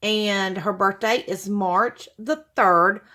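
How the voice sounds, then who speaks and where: A woman's voice: mid-range voice, fairly even intonation, takes it slowly, pushed and bright. A woman, hosting her channel and chatting to viewers as she opens gifts, gushing and sentimental with frequent exclamations. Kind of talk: casual unboxing chat to viewers.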